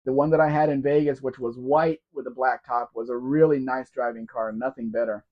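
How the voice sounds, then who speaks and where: A man's voice: mid-range voice, fairly even intonation, brisk, hardly any pauses. A man with a sore throat hosts a casual live-stream Q&A, reading viewer comments aloud and calling people by name. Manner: chatty and rambling, addressing viewers by name. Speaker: live Q&A host. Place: at home in a room. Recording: dull lo-fi stream audio.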